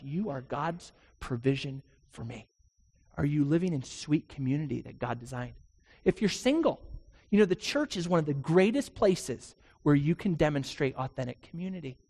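A man's voice: fairly high pitch, darkish tone. An earnest male pastor preaching to his congregation, his slightly raised voice carrying long reverb through a church sanctuary. He presses the listener with rhetorical questions and stretches out key words for weight. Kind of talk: sermon.

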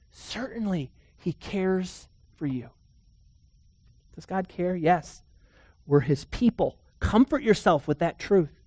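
A man preaching a sermon, telling stories earnestly, swinging between emphatic declarations and hushed, quiet passages. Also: sits high, lively intonation, slow, no echo. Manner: earnest storytelling with emphatic rises and hushed drops.

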